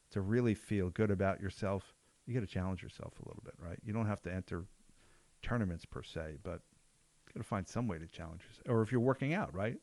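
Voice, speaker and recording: A man's voice: sits low, darkish tone, dry recording. A man hosting a podcast as a jiu-jitsu black belt, talking casually and often checking in with "right?".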